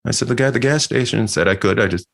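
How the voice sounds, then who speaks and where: A man from Canada, a comedian guest, telling animated anecdotes in a casual chat, laughing and restarting often. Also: mid-range voice, quick pace, creaky.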